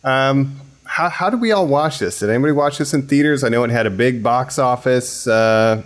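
A man's voice: mid-range voice, normal speed. A man co-hosting a podcast in casual chat, steering the discussion with easygoing questions. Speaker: podcast co-host.

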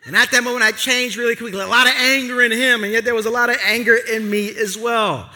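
New male pastor, high bright voice, chatty storytelling sermon, big reverberant church. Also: fast. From Brooklyn, New York. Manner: lively conversational storytelling. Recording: long reverb of a large hall.

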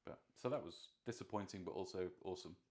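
A man's voice: low-pitched, quick pace, a little mellow. A man co-hosting a podcast, easygoing and enthusiastic in casual conversation. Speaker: podcast co-host. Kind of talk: casual design chat.

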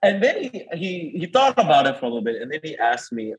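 A young man with a relaxed New Orleans drawl talks through his story in an easygoing interview. He laughs often and brightens when he quotes people. His pitch sits at an ordinary middle height. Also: quick pace, hardly any pauses, highs cut off, noisy background. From New Orleans, Louisiana. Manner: warm storytelling, laughs often, animated quoting. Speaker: guest priest. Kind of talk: casual interview chat.

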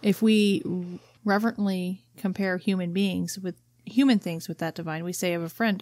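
A woman's voice: medium pitch, steady tone, moderate pace, hardly any pauses, darkish tone, dry recording. A woman co-hosting a book discussion podcast, reading passages aloud and explaining them in casual chat. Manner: reads quotes aloud then explains them plainly. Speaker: podcast co-host.

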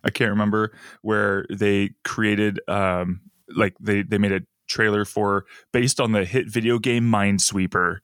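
A man's voice: fairly low pitch, steady tone, unhurried, few pauses, a bit bright, no echo. A man in casual chat, explaining things with frequent restarts. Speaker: podcast co-host.

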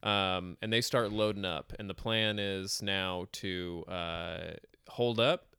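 Male podcast co-host, bright and smooth-voiced, jokey casual film chat. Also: sits low, steady tone, takes it slowly. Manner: jokey, laughs often.

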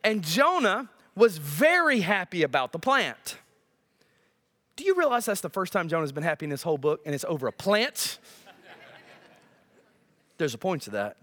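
A male pastor preaching a sermon in an animated, joking way, often asking the congregation questions. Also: high-pitched, normal speed, pauses often.

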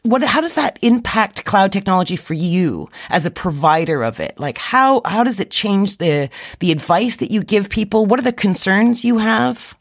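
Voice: mid-range voice, lively intonation, normal speed, few pauses, no echo, studio quality. An interview host who asks casual, chatty questions. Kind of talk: remote interview.

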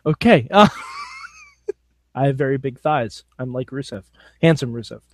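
A man co-hosting a podcast, recapping a wrestling show in casual, animated, jokey chat and laughing often. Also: medium pitch, a little slow, no echo.

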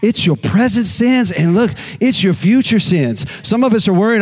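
Pastor guy preaching, a bit high-pitched, animated, repeats himself a lot. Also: normal speed, few pauses. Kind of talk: sermon.

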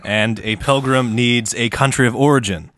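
A man's voice: mid-range voice, normal speed, fairly bright tone, no room sound. A man hosting a podcast, telling a history story with casual swearing and jokes. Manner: laid-back, swears casually, laughs at own jokes. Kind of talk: comedic storytelling chat.

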